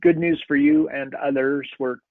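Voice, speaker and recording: Upbeat host on a tinny call line. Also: male voice, medium pitch, normal speed, vocal fry, no room sound. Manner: jokey, energetic, laughs often. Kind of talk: casual live call chat. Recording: tinny phone-like call audio.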